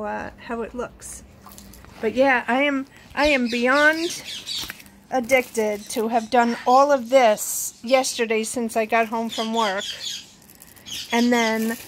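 Chatty lady at home, high voice, talks slow, pets and birds chirping faintly behind. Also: slight background noise. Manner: chatty, coos at her pets in a high baby voice. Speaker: pet vlogger. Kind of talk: casual chat to camera.

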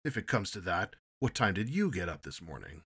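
A man voicing a stern ship's captain who speaks gruffly and defensively. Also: deep voice, big pitch swings, brisk, a bit bright, exaggerated voice.

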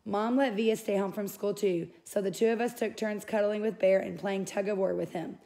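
Woman, novel read aloud, mellow voice, small slips and restarts. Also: medium pitch, steady tone, moderate pace. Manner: unpolished reading with small slips and self-corrections. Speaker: audiobook reader.

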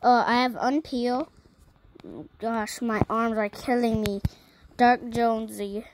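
A female host of a gaming channel talks casually through a long list of items. Her voice sits a little high and her pace is slow and unhurried. She keeps filling the gaps between items with ums and short pauses. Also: flat delivery, slight background noise, low-quality recording. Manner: listing items one by one, with many ums and pauses.

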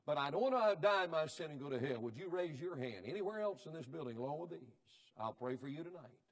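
Fervent preacher man, shouting then hushed. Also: on the high side, lively intonation, fast talker. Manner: swings from shouting climaxes to hushed pleading. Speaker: evangelist preacher. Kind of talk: revival sermon and altar call. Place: church sanctuary.

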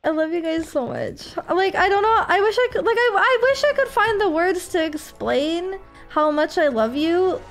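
Her voice is extremely high as she streams a game, animated and at a moderate pace with few pauses, over soft background music. Chatting casually, the woman grows tearful and emotionally thanks her viewers, on the edge of crying.

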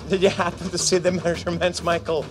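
A man presenting a live casino game, chatting playfully with viewers and joking between rounds. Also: high voice. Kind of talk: lively chat with viewers while running a game.

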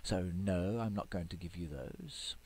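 A man giving chatty gameplay commentary, playfully excited, with squeals of delight and sudden whispers. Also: low voice, measured pace, slightly rough. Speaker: game video creator.

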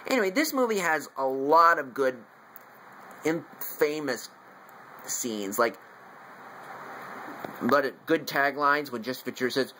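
A man's voice: medium pitch, lively intonation, measured pace, long pauses, pushed and bright, slight background noise, rough recording. A man casually reviewing a favorite movie and showing his figures, rambling and correcting himself as he goes. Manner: eager fan showing off collectible figures. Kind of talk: casual home video review.

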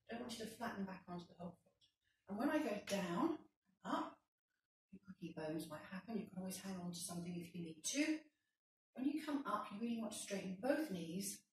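A woman's voice: mid-range voice, darkish tone, very echoey, distant mic, a little hiss or hum, poor audio. A woman leading a workout, giving encouraging step-by-step instructions and counting reps, a little out of breath. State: slightly out of breath. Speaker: fitness instructor.

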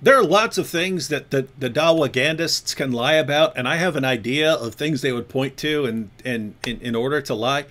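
A man's voice: medium pitch, normal speed, few pauses, a bit bright. A man hosting a discussion, talking emphatically, repeating points for stress and asking rhetorical questions. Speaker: host. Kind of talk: polemical discussion with a co-host.

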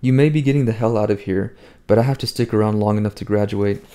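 A man's voice: fairly low pitch, fast talker, dark tone, close to an everyday voice. A man doing a griping, cocky teen roommate. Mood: annoyed. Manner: griping and profane. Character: cocky male teen prep-school roommate, irritable.

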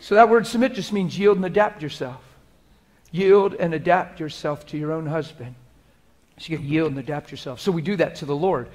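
A male preacher with a high-pitched voice delivers a sermon. He swings from loud, urgent exhortation to soft, intimate prayer spoken as if alone with God. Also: brisk.

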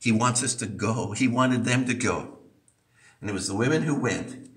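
A man's voice: mid-range voice, normal speed, fairly bright tone. A man preaching a sermon, emphatic and repeating points for stress, in an echoey church heard from a distance.

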